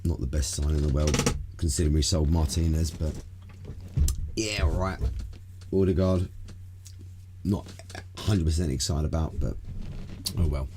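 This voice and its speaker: A man's voice: very deep voice, normal speed, long pauses, background noise. A man hosting a casual live stream, rambling loosely from topic to topic and swearing freely. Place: home room.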